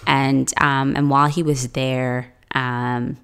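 A woman's voice: extremely low pitch, level tone, slow pace, a bit bright, clear, resonant tone. A woman from Canada telling a personal story in a laid-back, casual way, laughing often and using lots of fillers.

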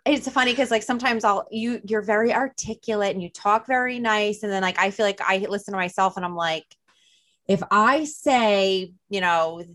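A woman's voice: medium pitch, moderate pace, fairly bright tone. A woman with a New Jersey accent hosting a podcast, chatting casually with plenty of "like" and "you know". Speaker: podcast host. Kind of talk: casual chat.

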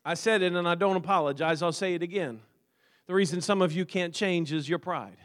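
A male pastor preaching a fervent sermon, punctuating his lines with amens and swinging from shouts down to hushed, pleading passages. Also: sits high, fairly quick.

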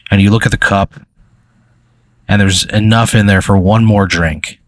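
Rambling game master, lowish voice, dry close sound, lots of uh and like. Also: male voice, fairly even intonation, moderate pace, no room sound. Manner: rambling, filler-heavy narration. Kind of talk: narrating a tabletop role-play.

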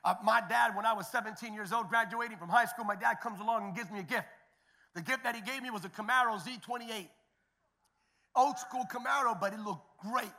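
A middle-aged male pastor preaching a sermon, moving between quiet, conversational storytelling with restarts and loud, shouted declarations. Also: high voice, fairly quick. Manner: repeats words and restarts, conversational asides.

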